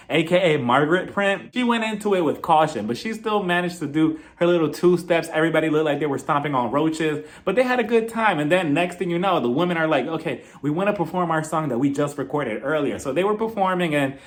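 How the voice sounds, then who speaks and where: A man giving a casual reality TV recap, animated, laughing often and mimicking the people he describes. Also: fairly high pitch. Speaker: reality TV reviewer. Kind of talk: casual commentary.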